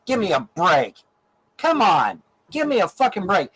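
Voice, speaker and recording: A man's voice: high-pitched, wildly swooping pitch, unhurried, a bit bright, slightly rough, rough recording. A middle-aged man from Ohio ranting angrily in a profane, repetitive stream monologue. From Ohio, USA. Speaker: online show host in archived clip.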